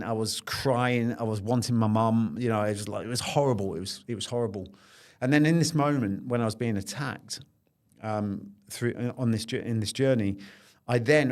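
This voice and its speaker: Speaking on the low side, a middle-aged podcast guest recounts something that happened to him. His delivery is intense and earnest, and he circles back over the same phrases as he relives it.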